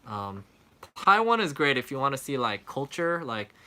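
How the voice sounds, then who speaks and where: Chatty American man, lively and bright. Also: mid-range voice, moderate pace. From California. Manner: rambling, chatty, laughs often, repeats words. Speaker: travel vlogger streaming live. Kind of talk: casual live-stream chat.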